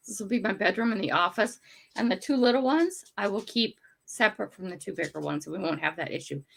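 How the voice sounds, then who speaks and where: An older woman hosts a casual morning livestream from her home, rambling to viewers and breaking off to talk to her dogs. Her voice is gravelly with a fry to it, yet bright and forward. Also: medium pitch. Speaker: livestream host. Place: home room.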